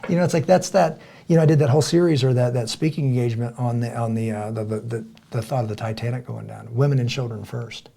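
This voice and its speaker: A man's voice: mid-range voice, quick pace, gravelly. A man co-hosting a casual podcast, telling stories animatedly and acting out quoted dialogue. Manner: animated storyteller, acts out quoted dialogue loudly. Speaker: podcast co-host.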